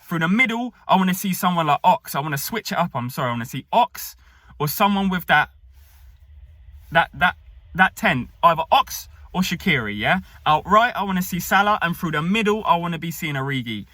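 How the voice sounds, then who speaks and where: A young man with a high, bright voice talks through a match review in a brisk, opinionated way. The sound is dry and close, with no room echo. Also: lively intonation. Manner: brisk, opinionated, tags lines with "yeah?". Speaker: football fan reviewer.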